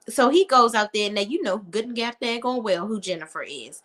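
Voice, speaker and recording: A woman's voice: fairly high pitch, expressive, moderate pace, hardly any pauses, fairly bright tone. A woman recapping a TV episode in a casual, sassy, blunt way, acting out what the characters say. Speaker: TV recap commentator.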